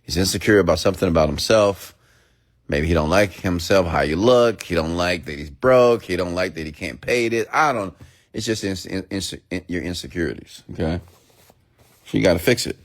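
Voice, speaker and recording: Blunt, preachy man ranting. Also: moderate pace. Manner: blunt, preachy, swings between loud outbursts and low asides. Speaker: online personality live-streaming to viewers. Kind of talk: live-stream rant answering viewers.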